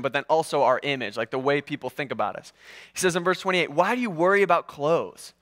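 A man preaching a sermon in a casual, conversational way, with animated, sarcastic asides. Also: fairly high pitch. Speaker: pastor. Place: church.

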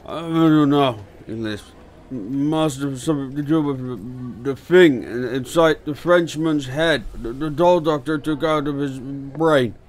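A man doing a hoarse, halting wounded inspector. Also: mid-range voice, slight background noise, pitched above the performer's own voice, close to an everyday voice. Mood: groping. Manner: halting, stammering speech. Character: wounded male police inspector, hoarse and dogged. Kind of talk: audiobook character voice.

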